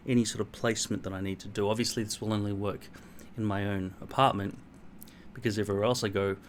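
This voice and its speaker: A man's voice: fairly low pitch, fairly even intonation, quick pace, a little hiss or hum. A middle-aged Australian man vlogging at home in a rambling, blunt, self-mocking way, swearing freely. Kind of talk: casual rambling monologue to camera.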